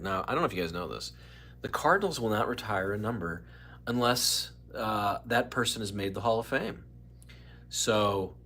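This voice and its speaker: A man's voice: medium pitch, fairly bright tone, breathy edge. Rambling, chatty man hosting a live stream. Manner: rambling, chatty, greets viewers by name. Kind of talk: casual live stream chat.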